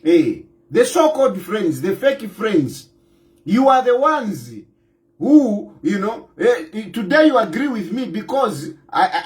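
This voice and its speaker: A middle-aged Zambian man with a Zambian accent, giving an impassioned political address and hammering his points home with repetition. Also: high-pitched. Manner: emphatic, repeats lines for force, mixes in Bemba phrases. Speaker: political commentator. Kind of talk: impassioned direct-to-camera address.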